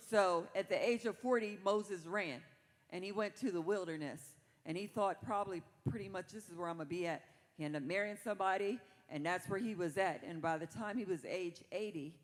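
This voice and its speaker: A man with a high voice preaches a sermon in a church. He talks in a plain, conversational way, then rises to fervent emphasis. His voice carries a long echo in a large reverberant hall.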